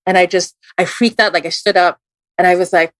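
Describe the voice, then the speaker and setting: This podcast guest, a tarot reader with a Filipino accent, talks fairly quickly as she casually tells a story, restarting often and using lots of fillers. When quoting others she animatedly acts out their voices with large pitch jumps, recorded with no echo.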